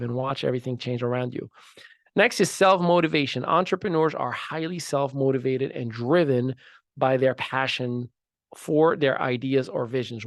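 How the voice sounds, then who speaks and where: A man in his thirties hosting a podcast, giving an emphatic motivational talk that swings from loud to soft. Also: medium pitch, gravelly, no echo, clean studio sound. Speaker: podcast host.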